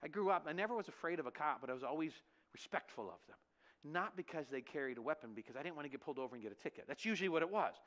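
High-voiced, animated male pastor preaching. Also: racing. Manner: animated storytelling, rhetorical questions. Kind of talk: sermon. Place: church.

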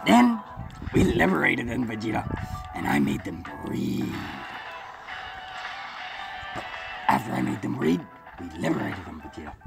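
A man's voice: mid-range voice, huge pitch swings, measured pace, creaky, pauses often, exaggerated voice. A man voicing a dim, brutish alien warrior who rambles crudely and teases his partner like a child, over game music. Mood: childish. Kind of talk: improvised voice over gameplay. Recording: game music playing behind.

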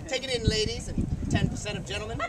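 An actor playing a vain, smug Italian troupe actor at an outdoor fair show. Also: male voice, high-pitched, fairly even intonation, fast talker, very noisy, natural voice. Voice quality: smug, theatrical. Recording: distant mic, outdoor crowd. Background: crowd.

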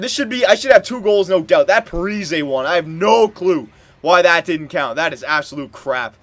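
A young man giving casual commentary while playing a hockey video game, muttering one moment and yelling in frustration the next. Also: fairly high pitch, normal speed, no echo. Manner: excitable, swings from muttering to loud outbursts. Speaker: gameplay commentator.

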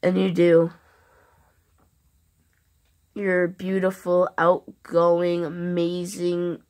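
A woman speaking a heartfelt love message to camera, earnest and halting, with long pauses. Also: on the low side, monotone, a little mellow. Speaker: vlogger.

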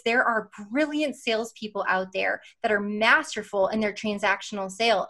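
A woman of middle pitch talks with emphatic business energy and drives her points home by repeating phrases. She often drops "like" into her sentences. She speaks as a confident podcast guest. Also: fairly bright tone. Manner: uses "like" as a filler. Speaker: sales consultancy CEO, guest.

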